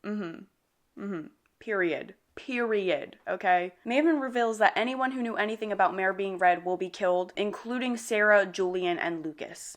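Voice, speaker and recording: A young woman with an animated, slangy manner gives a casual book recap full of dramatic asides. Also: mid-range voice, normal speed.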